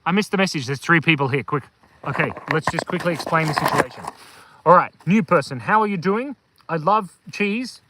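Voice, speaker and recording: A man's voice: a little high, animated, moderate pace, bright, forceful tone, slight background noise, rough recording. A man hosting a casual live stream from a hilltop outdoors, rambling and telling silly jokes. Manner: goofy, joking, rambling with fillers. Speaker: kids' channel host.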